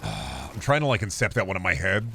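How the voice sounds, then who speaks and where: A man from Iowa chats casually on a gaming stream in a somewhat low voice. He answers chat with offhand jokes and sometimes drops into gruff mock-dad phrasing. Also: wildly swooping pitch, brisk, sharp tone, slight background noise.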